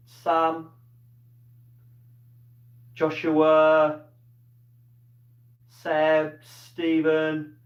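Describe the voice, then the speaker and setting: A man teaching a live online lesson in an encouraging way, quizzing his pupils and cheering their answers. His voice sits fairly high. He is heard from a distance in an echoey room, with a muffled, dull tone. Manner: encouraging, asks questions and praises pupils by name. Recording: roomy, distant, dull-toned sound.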